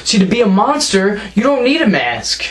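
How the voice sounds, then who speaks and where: A man's voice: high voice, wildly swooping pitch, normal speed. A young man delivering a wrestling promo, taunting and mocking his opponent as he trash-talks.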